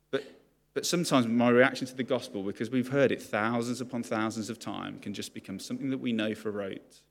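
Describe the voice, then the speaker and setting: A man's voice: medium pitch, fairly even intonation, brisk. A man preaching a sermon to his congregation, candid and confessional about his own struggles. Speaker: pastor.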